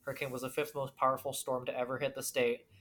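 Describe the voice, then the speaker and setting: A low-pitched woman co-hosts a casual podcast, swearing freely and joking around. She reads news items in a flat, quick voice. A faint hiss sits under the recording. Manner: profane, jokey, reads news aloud. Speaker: podcast co-host. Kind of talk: casual chat.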